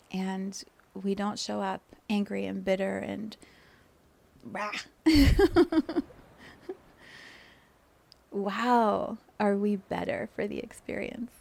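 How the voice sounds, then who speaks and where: Gravelly-voiced woman podcast host. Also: mid-range voice. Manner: animated storytelling, laughs often. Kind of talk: casual spiritual podcast talk.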